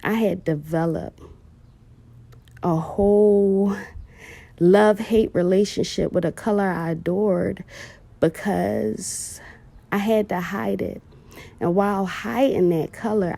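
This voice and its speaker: A woman's voice: medium pitch, takes it slowly, gravelly, long pauses, dark tone. A woman, heartfelt and emotional, telling viewers a personal story about her daughter and calling them "y'all".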